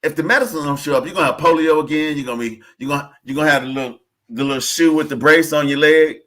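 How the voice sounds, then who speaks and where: Bright-voiced man hosting a chat. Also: fairly high pitch, fast. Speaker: podcast host. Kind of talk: casual conversation.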